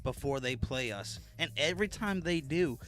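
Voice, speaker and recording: A man's voice: mid-range voice, animated, moderate pace, fairly bright tone. Wisecracking male podcast co-host. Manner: crude, wisecracking. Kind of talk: casual chat.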